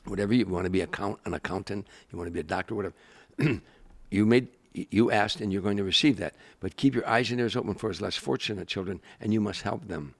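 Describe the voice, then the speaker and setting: Older gravelly-voiced man telling stories. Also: fairly low pitch, fast. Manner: animated storyteller, acts out quoted voices. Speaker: guest, comedian. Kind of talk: storytelling interview.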